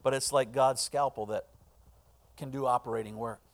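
Speaking at a normal speed with a medium pitch and steady tone, a middle-aged male pastor preaches a sermon. His delivery shifts from quiet earnestness to loud passion and back again.

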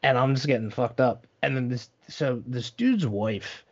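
A man's voice: mid-range voice, unhurried, slightly rough, muffled recording. A young man telling a long story in casual chat, rambling and profane, full of fillers.

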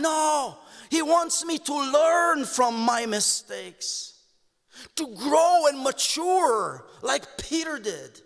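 A man with a Romanian accent preaching a sermon to his congregation, impassioned, calling them "my beloved" and swinging between hushed tones and raised exclamations. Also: extremely high pitch, animated, drawn-out words, gravelly. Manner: impassioned, addresses listeners as "my beloved". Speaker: pastor. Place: church sanctuary. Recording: long church hall reverb.

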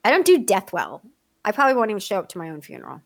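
A middle-aged woman chatting casually on a podcast, an animated storyteller who acts out the people in her stories and laughs often. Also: mid-range voice, racing, creaky. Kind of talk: casual chat.

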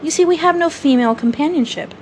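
A woman's voice: sits high, quick pace, slight background noise, voice pushed up, lightly acted. A woman reading aloud as a passionate, boastful boy who never wants to grow up. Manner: passionate, cocky, boyish.

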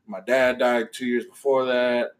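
A man voicing a troubled male caller who speaks of grief in a flat, halting way. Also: mid-range voice, natural voice. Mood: subdued.

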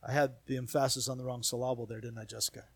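A man preaching a sermon as pastor, building emphasis through repeated phrases and dropping to quiet asides. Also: mid-range voice, level tone, racing, vocal fry, slightly rough, no room sound.

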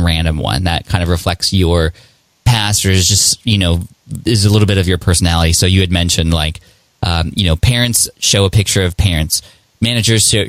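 A man hosting a podcast interview, talking in a conversational, halting way with many fillers. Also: low voice, a bit bright, no echo. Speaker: podcast host. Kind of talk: casual interview.

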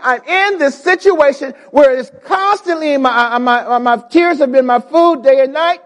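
A pastor with a very high voice preaches a sermon from the pulpit at normal speed with few pauses. He calls out to the congregation, repeats his words, and builds to shouts. The long reverb of a church hall rings around him.

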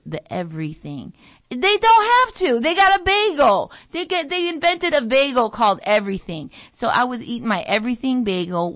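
A middle-aged American woman hosting a talk radio show, rambling through a story, mimicking family members, and sniffling from allergies. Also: no echo. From United States. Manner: animated storytelling, mimics family voices, jumps pitch for emphasis. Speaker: radio show host, nurse.

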